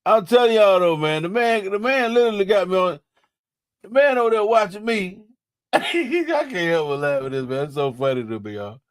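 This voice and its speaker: A man's voice: sits high, expressive, normal speed, clean tone, no room sound, studio quality. A young man chatting casually on a live stream, laughing and teasing in slangy talk.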